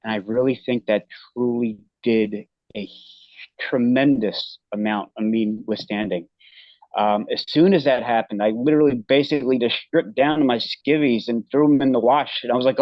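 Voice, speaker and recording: Male guest, mid-pitched, earnest and halting, telling his own story; muffled, dry remote sound. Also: no echo. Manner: halting, earnest, many restarts. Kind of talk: personal storytelling in an interview.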